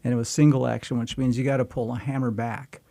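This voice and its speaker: Older man, mellow gravelly voice, dry close sound, rambling folksy storyteller. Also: mid-range voice, flat delivery, quick pace, dry recording. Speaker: guest actor. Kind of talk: casual anecdotal storytelling.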